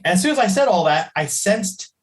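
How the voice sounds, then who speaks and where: A man, a podcast guest, telling a personal story in an animated way and acting out the voices of the people in it. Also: high voice, brisk. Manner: animated, acts out the voices in his stories. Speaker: podcast guest, psychic medium.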